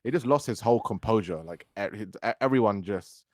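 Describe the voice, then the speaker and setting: Young man telling stories, low dry voice. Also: a little fast, no room sound. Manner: storytelling, animated when quoting others. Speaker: podcast co-host. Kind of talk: casual chat.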